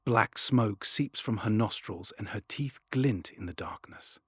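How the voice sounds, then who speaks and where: Low husky male storybook narrator. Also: unhurried, no room sound, clean studio sound. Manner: expressive, dropping to a hush at tense moments. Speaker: audiobook narrator. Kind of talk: first-person storybook narration.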